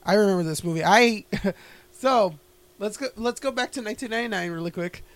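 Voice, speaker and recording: A man with a high voice and a gravelly, fry-laced edge, chatting loosely on a podcast. He rambles through his memories with plenty of swearing and quick laughs. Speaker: podcast co-host. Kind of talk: casual chat.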